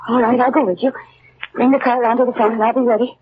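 A woman's voice: on the high side, fairly even intonation, racing, close to an everyday voice. An actress playing a frightened young woman in a 1940s radio drama, pleading and near panic. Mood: distrustful. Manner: pleading, breathless, rising to panic. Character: frightened young woman fearing for her life. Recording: muffled old radio broadcast with hiss.

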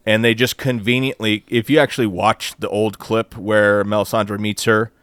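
A man co-hosting a podcast in casual chat, animated and profane, mocking others in quoted voices. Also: on the low side, moderate pace, clear, resonant tone, no echo. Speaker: podcast co-host.

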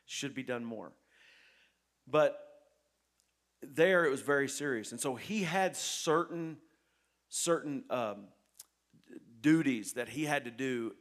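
A pastor telling a story in a sermon, earnest and repetitive, dropping soft and then rising loud. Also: male voice, mid-range voice, lively intonation, slow, long pauses.

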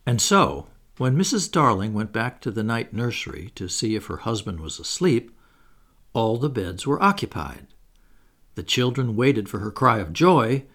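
A man's voice: medium pitch, fairly bright tone. A man reading a children's story aloud, with wry asides to the listener. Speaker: audiobook reader. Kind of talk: scripted narration.

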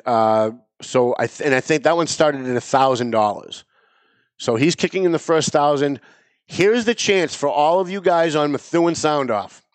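A middle-aged man hosting a talk radio show, talking in an animated, emphatic way and repeating his phrases for effect. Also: on the high side, no echo.

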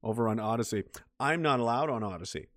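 A man hosting a casual livestream and reading out viewer chat, sarcastic and profane, laughing often and swinging between low mutters and loud outbursts. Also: lively intonation, fast talker, dry recording, studio quality.

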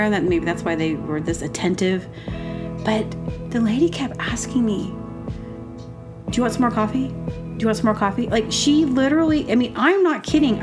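A woman rambles through comic personal stories, jumping between asides and acting out quotes in overdone voices. Her pitch sits in the middle of the female range, and music plays clearly underneath her the whole time. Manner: rambling, animated, acts out quotes in exaggerated voices. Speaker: podcast host. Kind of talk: casual comedic storytelling. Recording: music playing behind.

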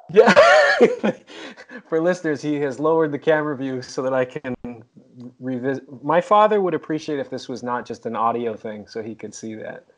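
A man's voice: mid-range voice, lively intonation, moderate pace, low-quality recording. A man hosting a podcast, chatting and interviewing in a wry, conversational way. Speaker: podcast host. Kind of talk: casual interview chat.

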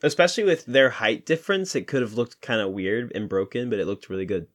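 A man's voice: mid-range voice, fast, fairly bright tone. A man co-hosting a podcast in casual chat, often chiming in with short agreements and laughs. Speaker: podcast co-host.

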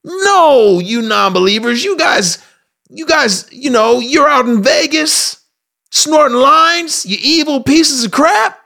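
A man voicing a resentful older brother who scolds in a high, whiny voice. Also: expressive, takes it slowly, creaky, bright, forceful tone, exaggerated voice. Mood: indignant.

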